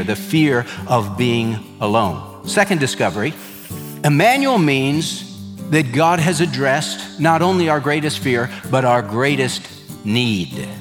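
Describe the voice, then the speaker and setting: A male pastor preaching a sermon slowly and emphatically, dropping low on key words. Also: a bit bright, big-room sound.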